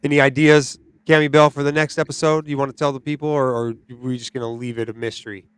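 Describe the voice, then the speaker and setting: A man hosting a podcast, chatting casually and telling stories in an animated way, often tagging his sentences with "right?" and "dude". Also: medium pitch, quick pace, smooth, no room sound. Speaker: podcast host. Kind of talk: casual chat.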